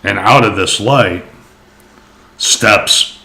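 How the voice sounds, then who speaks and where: Deep-voiced man rambling through a story. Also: drawn-out words, gravelly, pushed and bright. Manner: rambling, profane, many fillers. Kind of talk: casual storytelling.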